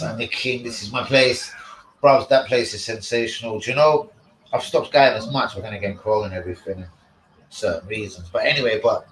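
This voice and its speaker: A man, rambling and swearing in casual live-stream chat as the host. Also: fairly low pitch. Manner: rambling, slangy, swears a lot. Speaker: livestream host. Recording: echoey room.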